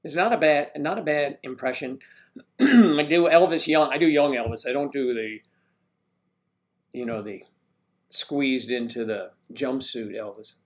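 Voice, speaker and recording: A man's voice: medium pitch, measured pace. Older man chatting on a livestream. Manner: rambling, greets viewers by name, fumbles with tech. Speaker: livestream host. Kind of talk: casual livestream chat.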